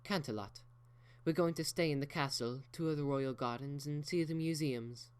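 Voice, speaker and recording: Guy putting on a posh theatrical pony lady, lifted pitch, smooth, storybook reading. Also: normal speed, close to an everyday voice. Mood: breezy. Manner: genteel and theatrical. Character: elegant refined unicorn mare, dramatic and proper.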